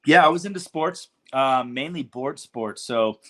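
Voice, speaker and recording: A man's voice: mid-range voice, animated, unhurried, fairly bright tone. A man in his forties from California, a podcast guest telling stories in a laid-back, slangy way with lots of filler words and casual swearing. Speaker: podcast guest, cannabis business founder. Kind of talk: casual storytelling interview.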